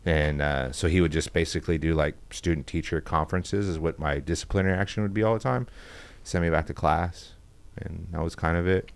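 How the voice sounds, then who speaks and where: A man's voice: rumbling low, steady tone, fairly quick, smooth. A man from Texas, a podcast guest telling rambling, profane school stories in casual chat. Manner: rambling, profane storytelling with acted-out quotes. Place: podcast studio.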